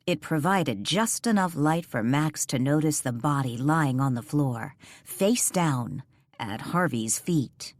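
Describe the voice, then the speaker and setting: A woman narrating a ghost mystery audiobook in a measured, suspenseful way on a close studio mic. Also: low-pitched, lively intonation, no echo. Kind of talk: scripted narration.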